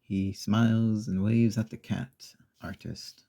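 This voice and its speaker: Slow, gravelly soft-spoken man. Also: fairly low pitch, flat delivery. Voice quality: gravelly, breathy. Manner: slow, meandering retelling with pauses and fillers. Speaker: ASMR channel host. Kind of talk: soft-spoken ASMR storytelling.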